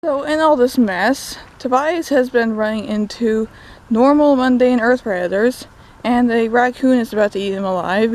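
A young woman with a slightly high voice chats through a book recap, dry and sarcastic at times. She's out walking in the woods, recorded on a phone, with faint outdoor noise behind her. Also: a little mellow, rough recording. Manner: chatty, sarcastic asides. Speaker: book vlogger.

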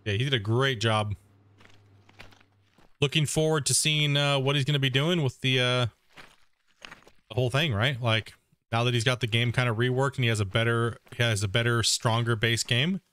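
A man's voice: mid-range voice, steady tone, moderate pace, long pauses, a bit bright, smooth. Laid-back man rambling over a game. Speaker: gaming streamer. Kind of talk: casual stream commentary.

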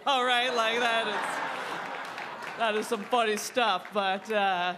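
A woman in her thirties doing a stand-up comedy routine in a club, telling dry, self-deprecating stories and jumping up in pitch for quoted people. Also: a faint crowd, a little hiss or hum. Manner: quick animated voices for quoted people.

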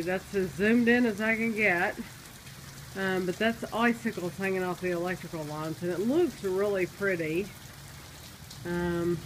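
A woman's voice: medium pitch, slight background noise, poor audio. Woman, mom vlogger, sing-song baby talk, handheld camera at home. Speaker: vlogger and mother. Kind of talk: casual home vlog. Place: home, indoors and at the back door.

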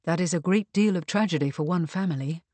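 A woman voicing a composed, grim gentleman who speaks in measured tones, in a storybook reading. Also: on the low side, no echo, natural voice. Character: composed gentleman officer, calm and dry.

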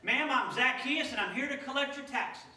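A man's voice: very high-pitched, lively intonation, moderate pace, bright, forceful tone, roomy sound, distant mic, voice pushed up, full character voice. A man voicing a businesslike tax collector making formal demands. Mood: brisk.

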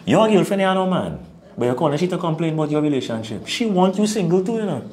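A man's voice: on the high side, fast talker. A man with a Trinidadian accent, co-hosting an opinionated talk show and lecturing his listeners. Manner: animated, preachy, laughs at his own points.

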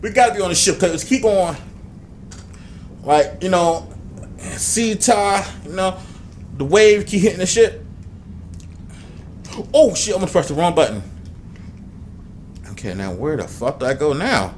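A man's voice: sits high, lively intonation, measured pace, long pauses, slight background noise. A young man commentating a game he is playing, talking to the game and his viewers and swearing a lot. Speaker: gaming YouTuber. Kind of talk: let's play commentary.

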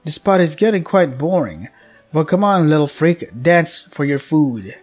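Haughty noblewomen who taunt in high, sing-song sneers, put on by a man reading a game. Their mockery sits over soft game music. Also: lively intonation, normal speed. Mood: cruel taunting. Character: cruel, mocking noble ladies at a party. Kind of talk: voicing a visual novel character.

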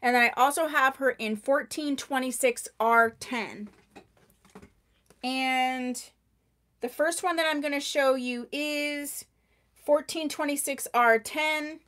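A woman hosting a live wig sale into a microphone, chatty and gushing over products, often talking loudly and answering viewers by name. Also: high voice, slow pace. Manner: tends to talk loudly. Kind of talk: live-stream sales chat.

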